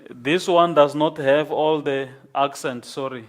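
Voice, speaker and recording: A man lecturing a class, explaining slowly and patiently and checking in with "okay?". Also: a little high.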